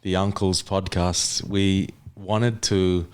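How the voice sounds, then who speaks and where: A man's voice: sits low, little pitch movement, takes it slowly, clear, resonant tone. A man from Papua New Guinea hosting a podcast interview, asking questions casually and encouraging his guest with frequent yeps and yeahs. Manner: encouraging, frequent backchannel affirmations. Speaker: podcast host.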